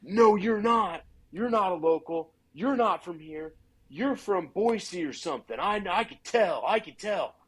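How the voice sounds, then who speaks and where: Man doing an angry yelling middle-aged hunter, pitched way up, husky. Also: lively intonation, unhurried, full character voice. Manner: shouting, repeating himself.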